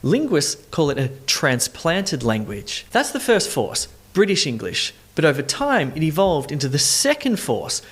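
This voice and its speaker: Accent coach for a scripted explainer, lively pitch, clear and instructive. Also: unhurried, hardly any pauses. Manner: clear, explanatory, asks the viewer questions.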